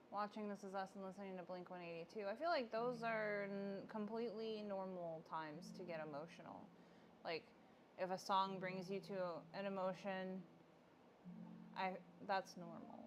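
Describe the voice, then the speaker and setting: A chatty woman with a mid-range voice hosts a casual livestream, reading viewer comments aloud. There's slight background noise.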